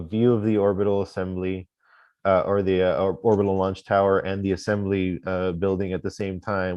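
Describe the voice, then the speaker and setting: Deep-voiced man rambling on a call. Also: a little mellow, muffled recording. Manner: chatty, rambling, frequent restarts and joking asides. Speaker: space-tourism lodging owner. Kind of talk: casual live-stream interview.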